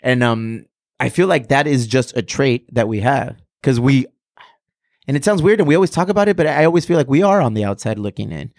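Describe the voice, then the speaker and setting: A man in his thirties from Southern California talks in a loose, profane, animated way, piling up restarts as the stories roll out. His voice sits in a middle register and is recorded close and dry, with no room sound. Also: mid-range voice, brisk, dry recording. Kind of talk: casual chat.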